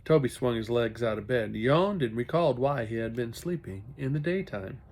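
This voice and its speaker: A man's voice: mid-range voice, expressive, moderate pace, darkish tone. A man reading a children's novel aloud as a hobby, with occasional self-corrections. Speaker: reader.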